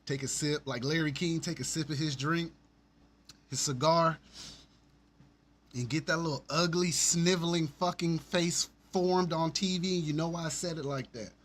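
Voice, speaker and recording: A man's voice: fairly high pitch, steady tone, normal speed. A man hosting his own podcast, ranting in a profane, sarcastic and rambling way. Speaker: podcast host. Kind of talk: ranting solo commentary.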